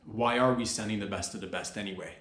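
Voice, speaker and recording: A man's voice: lowish voice, fast, a bit bright, reverberant. A man hosting a comedy podcast, riffing in a loose, profane monologue full of slang and mock-panicked outbursts.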